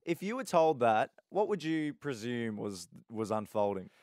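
A man's voice: mid-range voice, sing-song, unhurried, a little mellow, dry recording. Dry-joking man in casual chat. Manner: dry, joking, laughs often. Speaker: podcast co-host.

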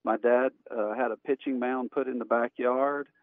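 A man calls in over a thin, phone-like line, the sound dry with no room around it. He tells stories in a relaxed, plainspoken way, like a pastor chatting with old friends. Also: mid-range voice, moderate pace, dry recording. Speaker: pastor, guest.

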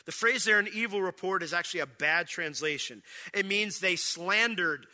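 A man preaching a sermon, reading scripture aloud and breaking into dramatic shouted lines. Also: sits high, moderate pace. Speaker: pastor. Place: church sanctuary.

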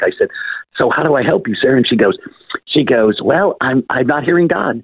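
A man's voice: mid-range voice, expressive, a little fast, breathy edge, dry recording. A man telling stories as an author in an interview, chatty, repeating words and acting out the people he quotes. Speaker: author and guest. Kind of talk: casual storytelling interview. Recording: tinny phone-line sound.

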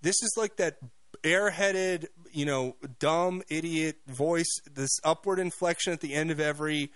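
The speaker is a male radio talk show host whose voice sits on the high side with a fairly bright tone. His fast, derisive monologue is full of restarts and repeated words, and no room sound is audible.

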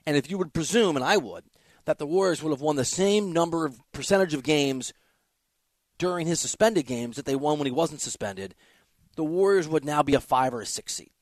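A man's voice: fairly high pitch, expressive, fairly quick, dry recording. A man hosting a sports talk show, giving an emphatic, opinionated monologue with offhand asides.

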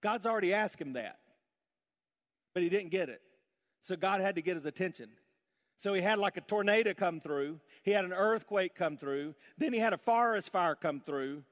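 A man's voice: high voice, animated, moderate pace. A man preaching an emphatic sermon full of rhetorical questions in a church. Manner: emphatic, rhetorical questions, dramatic shifts between loud and hushed. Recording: long hall reverb.

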